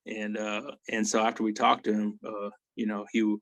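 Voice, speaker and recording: A man's voice: on the low side, moderate pace, dry recording. A man, an Army veteran, telling war stories in a casual interview, swearing freely and acting out what people said. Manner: profane, animated storytelling with acted quotes.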